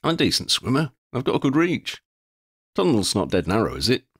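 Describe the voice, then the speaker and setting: A man's voice: mid-range voice, sing-song, a little fast, a bit bright, breathy edge, no echo, clean studio sound, voice pushed up, heavily acted. A man voicing a cheeky, laid-back young man who talks casually and confidently.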